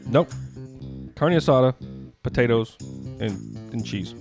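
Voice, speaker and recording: A man spins long, meandering stories in a relaxed podcast chat, cursing freely. His voice sits at an ordinary middle pitch, and faint music plays underneath. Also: measured pace. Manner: rambling storyteller, swears freely. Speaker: podcast co-host. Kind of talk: casual chat.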